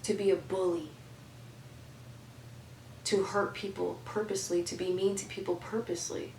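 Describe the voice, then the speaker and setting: A woman's voice: fairly low pitch, flat delivery, moderate pace, gravelly, a little mellow, echoey room, distant mic, a little hiss or hum, low-quality recording. A young woman giving heartfelt life advice in an emphatic way, repeating phrases for stress. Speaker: advice vlogger.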